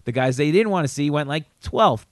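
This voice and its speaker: A man's voice: a little fast, dry recording, clean studio sound. A male comedian and podcast co-host telling stories in casual chat, acting out quoted lines with a raised voice. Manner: animated storyteller who acts out quotes in a raised pitch.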